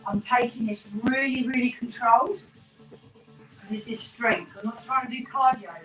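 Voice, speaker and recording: Woman leading a home workout, high voice, a bit out of breath, roomy sound w faint music. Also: fairly even intonation, a little slow, a bit bright, far from the mic. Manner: encouraging, chatty, counting reps. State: slightly out of breath. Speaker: fitness instructor. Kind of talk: live home workout coaching. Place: small room in a terraced house. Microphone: no microphone, camera mic from across the room.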